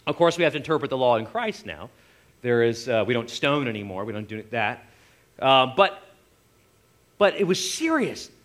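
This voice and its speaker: A man preaches in an easygoing, conversational way, his voice bright and forceful. His pitch swings widely as he acts out the people he quotes. He sits a little higher than most men. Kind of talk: sermon.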